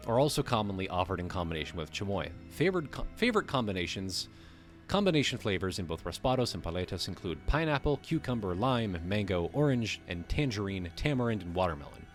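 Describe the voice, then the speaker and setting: A man's voice: low-pitched, very animated, fairly quick, soft background music. A man hosting a livestream, reading a text aloud and breaking off to riff on it casually, swearing now and then. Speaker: livestream host.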